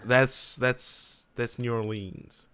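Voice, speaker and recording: Guy co-hosting a chat show, excitable, teases a lot, swears sometimes. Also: medium pitch, very slow, clean tone. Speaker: co-host. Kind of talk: casual chat.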